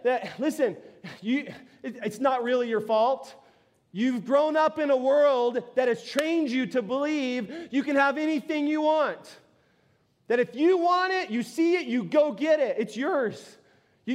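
A man preaching a sermon in an unusually high voice for a man. He talks animatedly, with quick restarts and joking asides to the congregation. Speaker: pastor.

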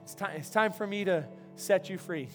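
A man's voice: sits high, moderate pace, soft background music, natural voice. A pastor voicing God as a loving king. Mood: earnest. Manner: earnest, insistent, repeats phrases. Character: God speaking warmly as a firm loving king.

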